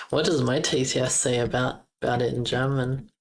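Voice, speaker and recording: A woman with an extremely low, gravelly voice, chatting on a live stream in an unhurried way. She repeats foreign words over and over to get the sound right, breaking off with quick curses and exclamations. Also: fairly even intonation. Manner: repeats German words aloud as she practices pronunciation; blurts out casual exclamations and curses. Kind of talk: casual live-stream chat.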